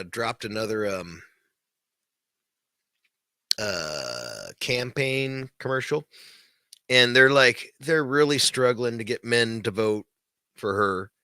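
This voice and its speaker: A man hosts his own podcast late at night, delivering a casual rant. His voice is bright and pushed forward, and the sound is dry and close. He talks in a heated, profane way and rambles as he goes. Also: medium pitch, no room sound. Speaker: podcast host.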